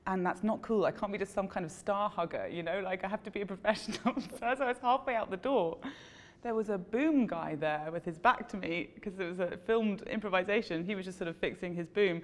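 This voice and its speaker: A woman with a mid-pitched voice recounts an awkward audition in a casual, lively way. She talks with self-deprecating humour and laughs at herself. A long reverb trails her voice, as if recorded in a hall. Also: brisk. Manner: self-deprecating, animated storytelling with frequent laughs. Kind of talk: casual anecdote to camera.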